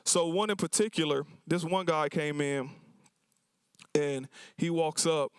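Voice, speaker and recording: A man who runs a cafe tells audience stories in relaxed, everyday speech, slipping into the voices of his customers. His voice sits a little high and sounds smooth and resonant. The recording is close and dry, with almost no room sound. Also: measured pace, dry recording. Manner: casual, colloquial storytelling that acts out customers' lines. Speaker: cafe owner and symposium speaker. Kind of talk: storytelling talk to an audience. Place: university symposium event.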